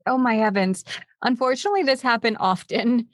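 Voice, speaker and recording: A woman hosting a podcast, telling stories in an animated, chatty way with many filler "like"s. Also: on the high side, brisk, no echo. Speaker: podcast host. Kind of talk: casual chat.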